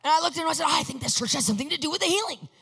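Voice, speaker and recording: A woman preaching a testimony sermon, telling her story with energy, acting out each exchange and bursting into excited shouts. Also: high-pitched, rapid-fire. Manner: animated storyteller acting out dialogue. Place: large hall with a screen. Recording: long hall reverb.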